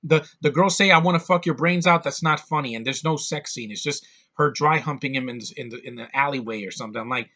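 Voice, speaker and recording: A man's voice: mid-range voice, fast talker, sharp tone. A man giving a blunt, sarcastic, profane rant as a movie reviewer. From United States.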